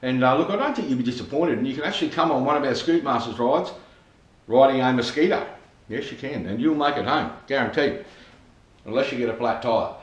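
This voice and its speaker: Aussie bloke doing a casual scooter review at home, jokey and a bit sweary, echoey room. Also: male voice, medium pitch, brisk. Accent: Australian. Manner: chatty, jokey, swears casually, repeats a running gag.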